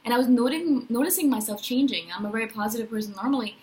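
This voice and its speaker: A woman in her thirties talking in a personal spiritual vlog, animated and emphatic, often checking in with "right?". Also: on the high side, fast talker, a little hiss or hum, rough recording. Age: 30s. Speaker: vlogger.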